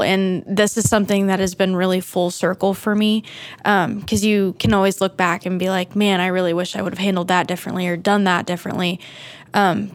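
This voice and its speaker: A young woman intern giving calm, reassuring advice. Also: mid-range voice, no room sound.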